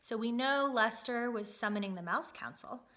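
A woman's voice: fairly high pitch, moderate pace, a bit bright. A woman teacher speaking casually to her students after a read-aloud, with frequent ums. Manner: casual, with fillers and um.

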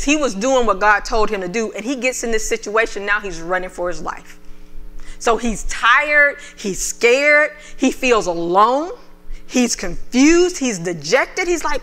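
A woman minister preaches with a bright, ringing voice, pitched a little high. She talks animatedly and acts out the prophet's pleas. The feeling rises as she goes. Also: expressive. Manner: reads scripture aloud in a lower, measured voice. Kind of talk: sermon with scripture reading.

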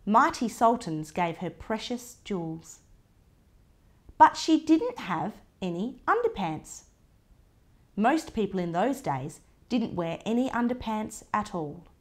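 A woman reads a picture book aloud for children, gentle and animated. Her pitch is lively and swooping, and she takes her time with every sentence. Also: slow pace. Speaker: storybook reader.

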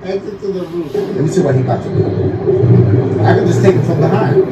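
A man giving loud, joking gameplay commentary, often shouting. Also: a little high, quick pace, echoey room, distant mic, heavy background noise. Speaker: gaming video creator.

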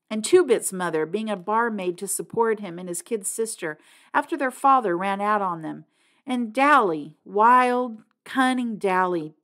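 A woman reading a novel aloud in an expressive audiobook style. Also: medium pitch. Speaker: reader.

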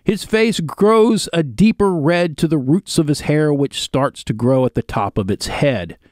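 A man's voice: on the high side, unhurried, no room sound, clean studio sound. A man narrating a video, reading an old written account aloud and stopping now and then for casual asides. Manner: steady reading, broken by casual spoken asides.

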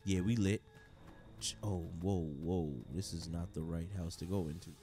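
A man's voice: low-pitched, steady tone, normal speed, dark tone, soft background music, pitched below the performer's own voice, lightly acted. A man voicing a scared, preppy young man in a red sweater who brags about money and whines nervously in a horror game. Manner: whiny, nervous, boastful.

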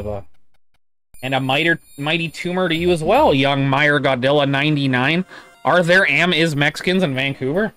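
A man's voice: fairly high pitch, a bit bright. Man streaming a retro game, cursing freely. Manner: profane, rambling, reads chat aloud. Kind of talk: casual live-stream commentary.

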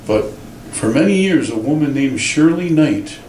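A man, a pastor, preaching a sermon in an animated, storytelling way in a church. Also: a little high, unhurried, slight background noise. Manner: animated storytelling with acted quotes. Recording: roomy church sound from a distant mic.

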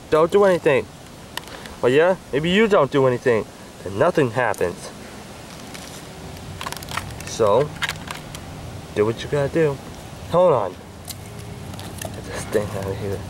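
A man acting out a homemade hand-puppet skit, squabbling and whining with bursts of shouting. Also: fairly high pitch, lively intonation, unhurried, long pauses, noisy background.

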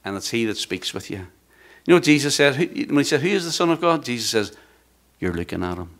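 A man, the church's pastor, preaching a sermon, rising loud when he reads scripture and dropping to quiet, hushed words. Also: medium pitch, sing-song, quick pace. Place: church sanctuary.

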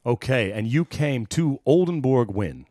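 Male podcast co-host, mid voice, dry mic, steady interviewer. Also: medium pitch, a little slow, no echo. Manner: friendly, leads the questions. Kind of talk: casual interview. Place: a house.

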